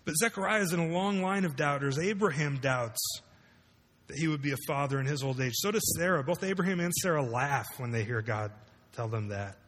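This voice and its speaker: Male pastor, sermon, conversational, rhetorical questions, slightly high voice, long hall reverb. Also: expressive, a little fast, fairly bright tone. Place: large room with congregation.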